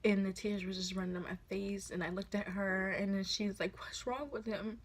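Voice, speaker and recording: A woman in her twenties tells a personal story in a casual vlog, speaking softly and haltingly with many fillers. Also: mid-range voice. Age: 20s. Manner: soft, halting, full of fillers. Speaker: vlogger.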